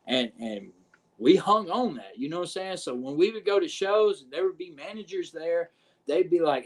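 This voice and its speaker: Swearing wrestler. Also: male voice, a little high, moderate pace. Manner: profane, animated, keeps saying "you know what I'm saying". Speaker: pro wrestler guest. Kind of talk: casual podcast storytelling.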